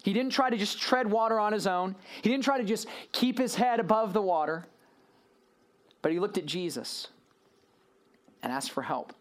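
A man preaching a sermon to a room, telling a story with lively swings in voice and acting out the people in it. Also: sits high, normal speed, pauses often.

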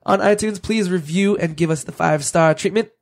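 A man from Canada co-hosting a podcast in casual chat, rambling and laughing a lot, hoarse as he loses his voice. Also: sits high, brisk. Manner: rambling, laughs often, wraps up the show. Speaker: podcast co-host.

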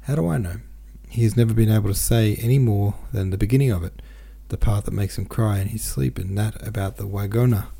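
Male audiobook reader, low gravelly voice, dark tone, gentle and steady. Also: fairly quick, hardly any pauses. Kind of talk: novel read aloud.

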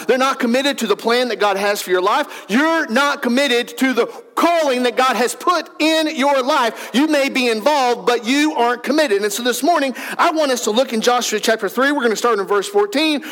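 A man's voice: very high-pitched, a bit bright, big-room sound. A man, a pastor giving an earnest, conversational sermon in a church. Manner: earnest, questioning, conversational preaching.

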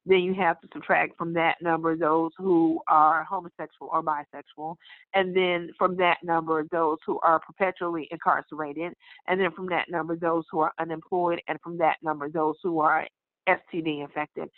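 A woman speaking as a podcast guest in a frank, blunt and wry way, now and then clearing her throat. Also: deep voice, little pitch movement, normal speed, no room sound. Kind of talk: candid conversation. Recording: tinny phone-line audio.

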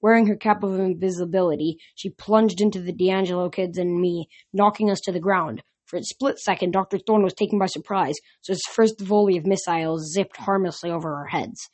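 A woman's voice: lowish voice, steady tone, fairly quick, few pauses, darkish tone. A woman reading a novel aloud, narrating in an unpolished way with frequent slips and restarts. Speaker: reader.

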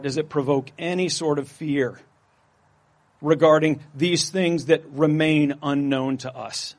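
A man pastor giving a sermon in a casual, jokey, conversational manner. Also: on the high side.

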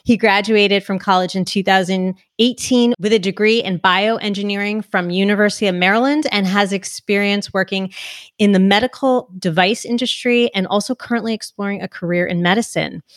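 A woman's voice: mid-range voice, steady tone, fairly quick, no room sound, clean studio sound. Chatty New Jersey woman hosting a podcast. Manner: upbeat, chatty, reads definitions aloud. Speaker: podcast host. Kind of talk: podcast interview.

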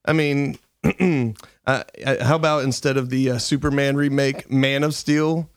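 A man's voice: mid-range voice, fairly even intonation, measured pace, smooth, no room sound, clean studio sound. A man in his thirties chatting casually and cracking jokes, often laughing as he talks. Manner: joking, laughs while talking. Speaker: co-host. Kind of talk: casual chat.

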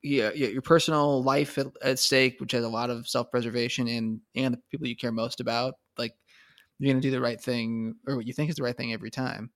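Man musing in halting casual chat. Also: medium pitch, level tone, fairly bright tone. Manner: halting, restarts mid-thought. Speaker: podcast co-host. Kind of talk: casual discussion.

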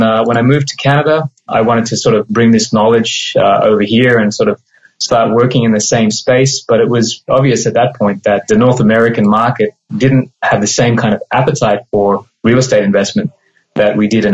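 A man from Australia with an Australian accent, a mortgage broker explaining things in a measured, casual interview. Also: fairly low pitch, muffled recording.

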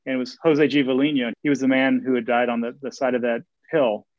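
A man telling stories as an interview guest, eager and quick, often repeating words as he restarts sentences. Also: mid-range voice, level tone, no echo. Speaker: guest, Camino walker and author. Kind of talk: casual interview storytelling. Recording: dull, dry lo-fi sound.

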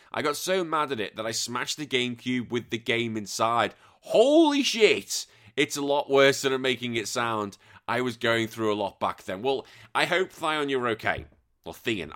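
A middle-aged English man hosting a podcast, reading out listener messages in casual chat and bursting into loud sworn exclamations. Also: medium pitch. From England. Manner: animated, swears freely, bursts into loud exclamations. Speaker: podcast host.

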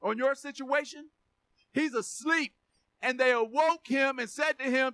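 A man's voice: extremely high pitch, fairly even intonation, moderate pace, bright, forceful tone, dry recording. A man preaching a sermon to his church, emphatic, often repeating words and asking for an amen. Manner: emphatic, repeats words, asks congregation for amens. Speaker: pastor.

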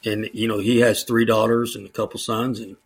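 A man's voice: fairly low pitch, little pitch movement, fairly quick, breathy edge. A middle-aged man, a retired Army officer turned JROTC instructor, telling anecdotes in a casual interview, mimicking the people he quotes in a raised voice and chuckling as he goes. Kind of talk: storytelling in a conversational interview.

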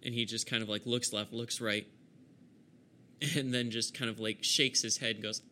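A man's voice: mid-range voice, flat delivery, moderate pace, bright, forceful tone, slight background noise. A man narrating as game master of a tabletop game, laughing often as he describes the scenes.

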